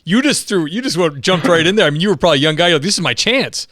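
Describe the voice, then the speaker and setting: A man's voice: a little high, expressive, rapid-fire, fairly bright tone, dry recording, studio quality. Laid-back male podcast host. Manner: chummy, reacting with laughs and short prompts. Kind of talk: casual interview.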